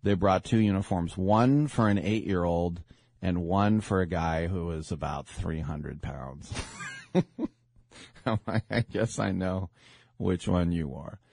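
A man's voice: low voice, takes it slowly, gravelly, darkish tone, dry recording. A man hosting a sports radio show, telling stories casually and acting out the people he quotes. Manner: chatty, acts out quoted voices. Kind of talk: casual storytelling.

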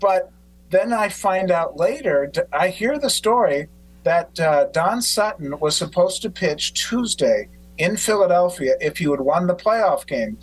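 Animated man telling baseball stories. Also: high-pitched, measured pace, low-quality recording. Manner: animated storyteller, acts out quotes. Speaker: podcast host. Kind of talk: casual conversation.

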